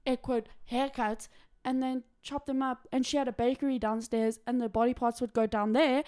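A woman's voice: a little high, steady tone, moderate pace, a little mellow. A woman co-hosting a casual true-crime podcast who reacts with disbelief, jokes and swears. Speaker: podcast co-host.

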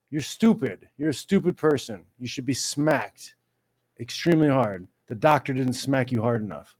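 A man's voice: normal speed, darkish tone. Ranting man mocking MMA critics. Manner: exasperated, mocking, mimics critics in a high whiny voice. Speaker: MMA commentator. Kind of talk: ranting video commentary.

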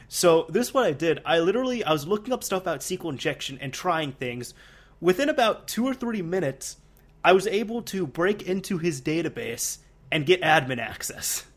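A young man in casual chat, an animated storyteller who laughs often and uses many fillers. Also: fairly high pitch.

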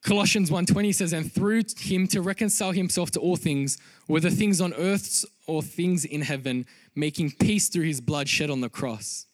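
A man preaching a sermon as a pastor, earnest and rising to loud, emphatic peaks. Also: fairly high pitch, normal speed, hardly any pauses, no room sound.

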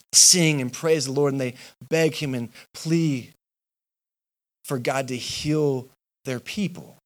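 A male pastor giving a sermon, with impassioned, repetitive rhetorical preaching. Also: mid-range voice.

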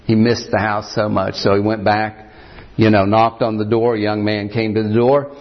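A male pastor with a low, gravelly voice tells a story from the pulpit. He is unhurried and often pauses with "uh" and "he said". The sermon recording sounds dull and lo-fi. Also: flat delivery.

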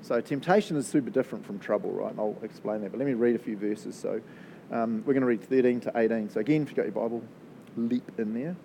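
Male pastor, New Zealand accent, mellow-toned, lively and conversational sermon delivery, faint rumble in the background. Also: vocal fry, rough recording. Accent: New Zealand English. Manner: animated, chatty, quick to laugh. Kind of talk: sermon with prayer.

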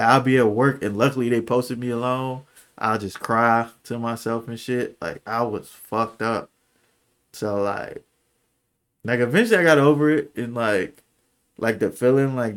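A young man speaks casually and candidly, full of slang and filler. His voice sits at an ordinary middle pitch and drops quiet and soft when the memories get heavy. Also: steady tone, normal speed. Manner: candid, slangy, lots of "like" and "bro"; emotional, voice drops low and soft when recalling. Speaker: podcast co-host. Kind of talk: casual storytelling.

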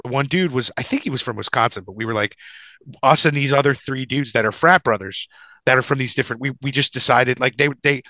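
Bright, rambling podcast storyteller man. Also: medium pitch, fast, no room sound, rough recording. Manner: rambling, profane, animated anecdote-telling with frequent restarts. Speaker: podcast co-host.

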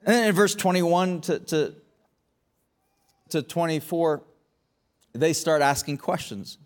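High-voiced preacher, earnest and emphatic. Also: male voice, slow. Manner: earnest, repeats words and restarts often, builds to emphatic rhetorical questions. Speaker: pastor. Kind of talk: sermon.

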